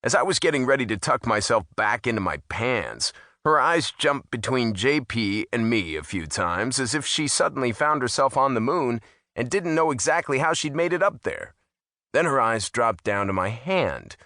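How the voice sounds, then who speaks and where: A man's voice: medium pitch, pushed and bright, no echo. A man narrating a first-person audiobook in a wry, amused manner on a close studio mic.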